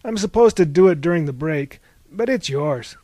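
A man voicing a brash young American traveler who talks loudly and proudly butchers his Spanish. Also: a little high, animated, moderate pace, no room sound. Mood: boastful. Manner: loud, cocky, mangles his Spanish.

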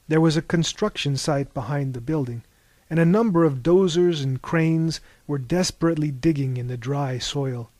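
A man narrating an audiobook in a slow, measured and expressive way. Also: medium pitch, dry recording.

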